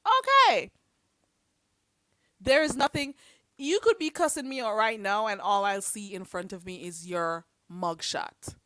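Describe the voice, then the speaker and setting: A woman's voice: mid-range voice, a bit bright, no room sound. A woman hosting a livestream, giving blunt, sassy commentary and preachy advice. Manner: blunt, sassy, preachy, calls listeners "girl". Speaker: livestream host.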